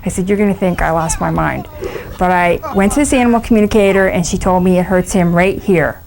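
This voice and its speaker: A woman's voice: on the low side, a little fast, vocal fry, a little mellow, poor audio. A woman pet owner earnestly recounting a vet visit in a documentary interview.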